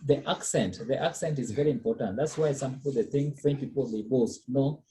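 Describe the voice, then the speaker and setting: A man's voice: medium pitch, brisk, dark tone, slight background noise. A man tutoring a student in French one on one, patient, repeating words and checking with "okay?". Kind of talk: one-on-one language lesson.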